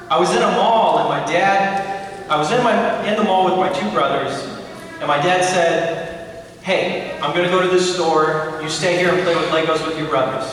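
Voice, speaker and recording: A man's voice: fairly high pitch, a bit bright, a little hiss or hum. A young man preaching a sermon as pastor, telling stories with playful asides to the congregation. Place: church sanctuary. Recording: echoey church from far off.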